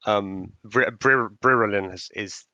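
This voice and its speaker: A man's voice: fairly low pitch, unhurried, bright, forceful tone, dry recording, lo-fi sound. A man playing in a tabletop game over a voice call, hesitant and stumbling over his words. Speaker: player. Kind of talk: casual tabletop play over voice chat.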